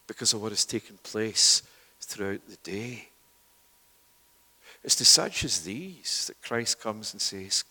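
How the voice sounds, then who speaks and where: A male preacher delivers a sermon in a middle-pitched voice. He swings between loud, urgent bursts and quiet, hushed near-whispers. His voice carries a long reverb, as in a large church hall.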